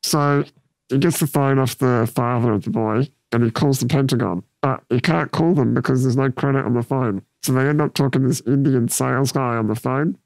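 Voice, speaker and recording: A man with a gravelly, creaky voice recaps a film in a casual, chatty way, often pausing on fillers. His voice sounds dry and close, with little room sound. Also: mid-range voice, a little mellow, dry recording, rough recording. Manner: chatty retelling with frequent fillers and laughs. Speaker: podcast co-host. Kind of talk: casual chat recapping a movie.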